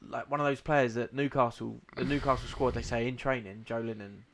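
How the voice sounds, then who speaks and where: A young man talking football on a podcast in a loose, rambling way. His voice is bright and forward, with an average pitch. He often restarts his sentences and trails off mid-thought. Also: steady tone, fairly quick, vocal fry, slight background noise. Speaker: podcast co-host. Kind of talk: casual football chat.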